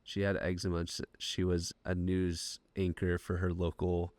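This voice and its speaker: Low-voiced male podcast host. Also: normal speed, no echo. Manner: animated storyteller with many "like" fillers. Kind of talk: casual conversational interview.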